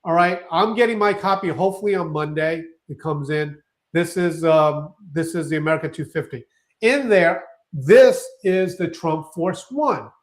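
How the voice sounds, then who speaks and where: A high-pitched man co-hosting a relaxed live stream. He gets excited, trips over his words and starts his sentences over. His tone is chatty and loose. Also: normal speed. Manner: excitable, restarts sentences, laughs often. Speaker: co-host. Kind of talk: casual live-stream chat.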